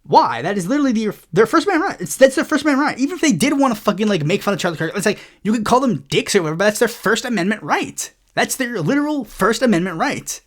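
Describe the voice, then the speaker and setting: A woman's voice: on the high side, very animated, fast talker, few pauses. A woman hosting a political commentary show, ranting in a heated, profane way and rambling with many restarts. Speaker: host.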